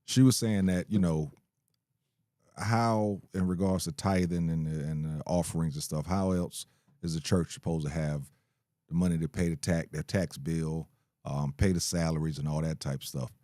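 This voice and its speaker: A man co-hosting a casual talk radio show, speaking in a relaxed, conversational way. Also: very deep voice, moderate pace, no room sound, studio quality. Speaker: co-host.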